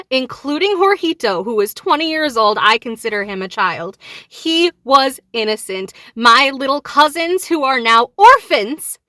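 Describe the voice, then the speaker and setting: A woman's voice: high voice, pushed and bright, dry recording. A young woman talking straight to camera, grieving and enraged, close to tears as her voice rises and falls. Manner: grieving and enraged, voice rising and falling. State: on the verge of tears. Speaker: vlogger. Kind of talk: emotional direct-to-camera talk.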